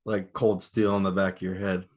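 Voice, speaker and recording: Male co-host, fairly low voice, crude swearing banter in a casual chat. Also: flat delivery, normal speed. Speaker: podcast co-host.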